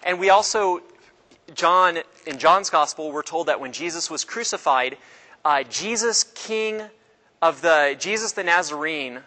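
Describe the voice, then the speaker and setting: A man teaches a class in an easygoing, conversational way, often pausing and restarting his sentences. His voice sits a little high and has a bright, forward tone. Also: rough recording. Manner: casual, halting, with many fillers and restarts. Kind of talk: informal classroom lecture.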